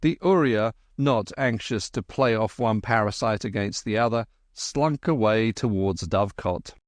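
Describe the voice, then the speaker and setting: A man with a lowish voice narrates a classic adventure novel as an audiobook, reading the script in a measured, even storytelling manner. The sound is clean studio audio with no echo.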